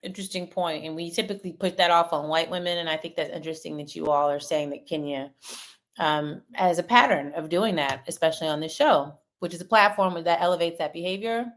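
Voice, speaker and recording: A woman co-hosting a casual chat, speaking in a measured, articulate way as she argues her points. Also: lowish voice. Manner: measured, articulate, pushes back. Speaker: podcast co-host.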